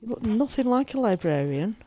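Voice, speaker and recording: A woman's voice: on the high side, very animated, a little fast, dark tone, faint music behind. A woman chatting casually to her viewers as she plays a building game and talks to the characters. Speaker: gaming streamer. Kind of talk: casual gameplay commentary.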